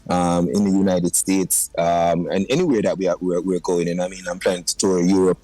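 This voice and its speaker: Jamaican man, dancehall artist in a studio interview, animated and chatty, patois slipping in, lowish voice, dry studio sound. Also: fairly quick, no echo, poor audio. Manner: animated, keeps saying "you know what I mean"; slips into patois. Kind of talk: radio interview. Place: radio studio.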